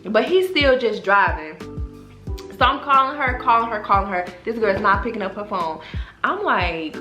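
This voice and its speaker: Animated young woman telling a story. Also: medium pitch, a little fast. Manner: animated, profane, addresses viewers as y'all. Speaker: vlogger. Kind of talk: casual storytime. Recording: roomy echo, faint background music.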